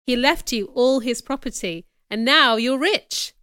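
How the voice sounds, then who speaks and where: A stern, earnest young clergyman speaks calmly in a storybook audiobook, read by a woman. The voice stays clear and bright with a dry, close sound. The manner is low-key and serious. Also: a little slow, no room sound. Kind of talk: audiobook character reading.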